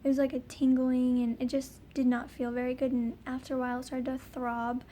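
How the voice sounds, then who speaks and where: A woman's voice: sits high, completely flat delivery, brisk, warm tone. Young woman, casual storytime vlog, rambling, faint background hiss. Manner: rambling, full of ums and likes. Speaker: vlogger.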